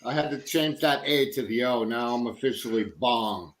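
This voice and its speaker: A man's voice: medium pitch, normal speed, background noise. A man in a casual group chat, reminiscing in a laid-back way.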